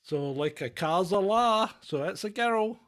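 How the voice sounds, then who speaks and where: High, bright-voiced mocking British man. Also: animated, unhurried. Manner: mocking, irreverent, laughs often. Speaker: podcast co-host. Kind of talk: casual comedic chat.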